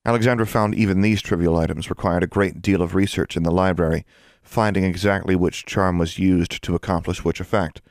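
A man reading scripted audiobook narration in an even, measured storytelling manner. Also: deep voice, dry recording, clean studio sound.

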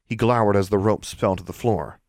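A man narrating a fantasy story in steady, scripted storytelling. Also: on the low side, a little fast, no echo, studio quality. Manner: steady storytelling, lively intonation. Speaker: audiobook narrator.

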